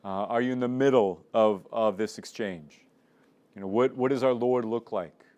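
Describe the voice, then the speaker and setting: A man leading a prayer group, explaining a way of praying in a relaxed, informal way, then praying aloud and slowly reading scripture. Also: lowish voice. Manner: informal and searching, with frequent restarts, slowing down for prayer and reading.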